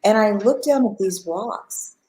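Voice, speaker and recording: A middle-aged woman, a guest on a spiritual talk show, telling her own stories with lively energy. She acts out the voices of the people in them and laughs often as she goes. Her voice sits at an ordinary pitch for a woman. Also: measured pace, rough recording. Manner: animated storyteller who acts out quoted dialogue and laughs often. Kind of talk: personal storytelling in a live interview.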